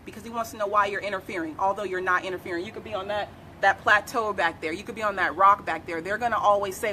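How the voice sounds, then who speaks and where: A woman's voice: mid-range voice, lively intonation, quick pace, sharp tone, slight background noise. A woman attorney giving emphatic live advice, repeating key phrases as she explains. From United States. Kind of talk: live legal advice talk.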